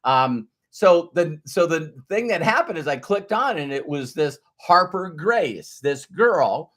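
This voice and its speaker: A middle-aged man giving a live-streamed motivational talk, acting out quotes with sudden loud bursts. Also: a little high, expressive, slow pace. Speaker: motivational speaker.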